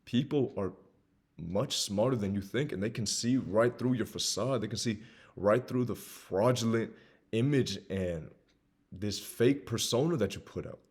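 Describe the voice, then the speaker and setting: A young man in his twenties with a faint Southern US accent, talking earnestly to camera as a self-improvement host. He is emphatic and repetitive, swinging between loud urging and quiet confession. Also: on the low side, measured pace, breathy edge. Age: 20s. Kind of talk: earnest personal monologue.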